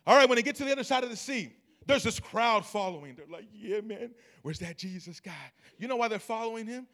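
A man with a high voice preaches a sermon to a church congregation. He tells the story and moves between low, quiet asides and loud, emphatic calls. He often turns to the listeners and asks them to answer. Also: quick pace. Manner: talks to the congregation and asks for responses. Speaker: pastor.

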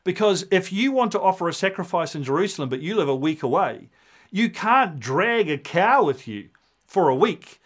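A man preaching a sermon, animated and storytelling, acting out the voices in his quotes. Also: high voice, moderate pace. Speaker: pastor.

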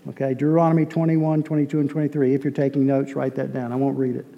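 A man's voice: mid-range voice, level tone, quick pace, vocal fry, lo-fi sound. A man from Boston teaching a sermon-style lesson from slides, talking conversationally, repeating words and quizzing his listeners. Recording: long hall reverb.

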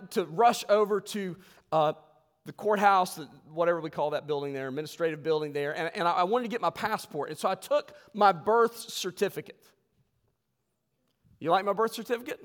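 A man preaching a sermon as pastor, telling stories and swinging between loud bursts and hushed, quiet lines. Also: high voice, animated, fairly quick. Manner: storytelling, swings from loud outbursts to hushed tones. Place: church sanctuary. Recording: long reverb of a church hall.

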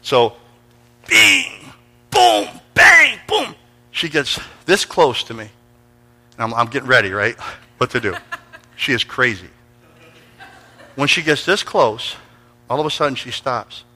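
Man preaching, animated storytelling, very bright tone, long hall reverb. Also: mid-range voice, moderate pace, long pauses. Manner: animated, acts out voices and sounds in stories. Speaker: pastor. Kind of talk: sermon with storytelling.

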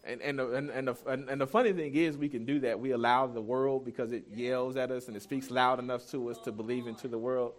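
A male pastor in his thirties delivering a sermon like a conversation. He tells stories candidly and pokes fun at himself, and his voice sits at an everyday middle pitch. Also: fairly even intonation, a little fast, few pauses. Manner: conversational storytelling, candid and self-deprecating.

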